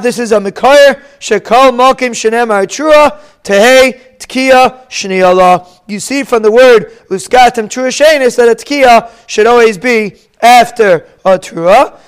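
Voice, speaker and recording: A man's voice: very high-pitched, clean tone. A man teaching a Talmud lesson in English, reading Hebrew and Aramaic with an Ashkenazi pronunciation and explaining each phrase.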